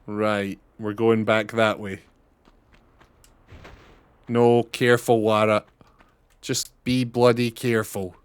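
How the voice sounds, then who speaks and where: A man's voice: mid-range voice, slow, long pauses, clean tone, dry recording. A young man giving casual, chatty commentary on a game he is playing, swearing and laughing often. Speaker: streamer.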